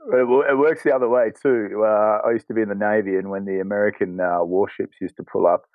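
A man's voice: fairly low pitch, fast, no echo, phone-quality sound. A man around forty with an Australian accent, chatting easily as a podcast guest and laughing often. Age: 40s. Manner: easygoing, laughs often, relaxed storyteller. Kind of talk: casual conversation.

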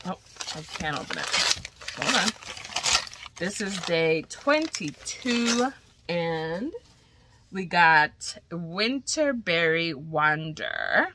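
A woman chatting casually to viewers, gushing and excited, often dropping to a whisper, a little congested from a cold. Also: deep voice. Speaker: crochet vlogger. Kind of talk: casual unboxing chat to viewers.

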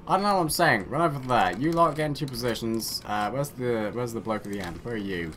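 A man's voice: mid-range voice, animated, quick pace, a bit bright, slight background noise. Rambling man narrating a strategy game. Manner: rambling, self-mocking, talks to his units. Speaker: gaming channel host. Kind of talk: let's play commentary.

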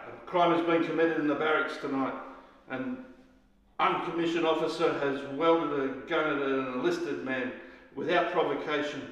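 An actor playing a drunk, bullying older army sergeant who barks insults and orders. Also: male voice, on the high side, a bit bright, lightly acted. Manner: barking, insulting, commanding. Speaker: actor in a scene. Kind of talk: stage scene acting. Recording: echoey hall.

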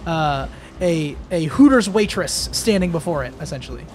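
A man's voice: fairly high pitch, expressive, moderate pace, darkish tone, a little hiss or hum. A man narrating a tabletop game as game master, rambling with many fillers.

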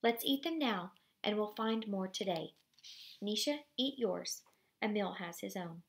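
A man's voice: high-pitched, animated, measured pace, gravelly, exaggerated voice. A woman reading the lines of a stern, worried father on a hard journey, speaking in a firm, commanding way.

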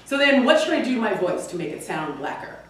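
A woman performing animated stand-up comedy and laughing often, recorded live from a distance in an echoey club. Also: mid-range voice, quick pace. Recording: live comedy club, far from mic, echoey, audience heard. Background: audience laughing.

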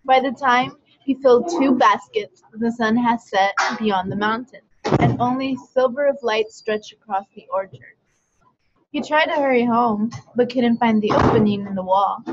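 Woman calmly reading a children's story. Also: fairly high pitch, moderate pace, slight background noise. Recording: dull lo-fi recording.

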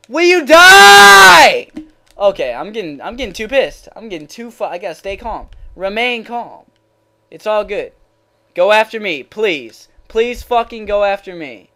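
A young man giving live commentary over his own video game match, swearing constantly, yelling in frustration, then muttering to himself. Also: high voice, animated, moderate pace. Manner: swearing, swinging between raging shouts and muttering. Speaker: gaming channel host.

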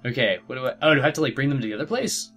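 Bright-voiced young man, chatty. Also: medium pitch, very fast, soft background music. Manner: chatty, animated storyteller with frequent fillers. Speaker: let's play co-host. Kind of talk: casual gameplay chat.

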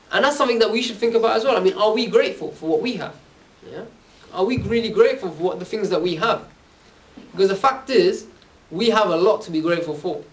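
A man's voice: high voice, fast talker. A young man giving a casual religious talk, chatty, often checking in with "yeah?". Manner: chatty, keeps asking "yeah?". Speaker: Islamic preacher. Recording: voice from far off the mic.

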